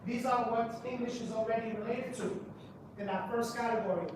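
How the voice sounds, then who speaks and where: A man presents at a conference, quizzing the room with rhetorical questions as he teaches. His voice comes from a distance in a very echoey hall, with steady background noise underneath. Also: extremely high pitch, brisk. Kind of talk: lecture to a live audience. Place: public library meeting room.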